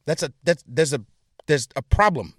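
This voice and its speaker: A man's voice: a little high, lively intonation, moderate pace, husky, no room sound, studio quality. A young adult man hosting a podcast, delivering a crude, profane, heated rant. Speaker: podcast host. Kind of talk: crude solo comedic rant.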